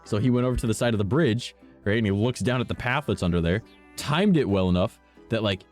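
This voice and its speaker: A man's voice: on the low side, fast, darkish tone. A young man streaming, telling long rambling stories in casual chat, swearing often and tacking "right?" onto his sentences. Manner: rambling storyteller, lots of "right?" and "all right?"; swears freely and laughs at his own stories. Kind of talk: casual chat while gaming. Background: faint game music.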